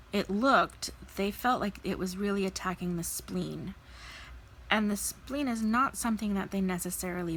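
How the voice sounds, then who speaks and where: A woman's voice: mid-range voice, slight background noise, rough recording. Woman candidly telling a personal story. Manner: candid, animated retelling with quoted dialogue. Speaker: vlogger. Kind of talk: casual storytelling while crafting.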